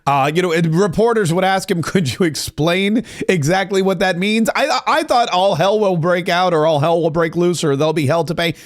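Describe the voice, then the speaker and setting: A man hosts a political podcast in a sarcastic, animated manner. His voice sits fairly high, and he often quotes others in mock voices. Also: a little fast, few pauses. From United States. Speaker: podcast host.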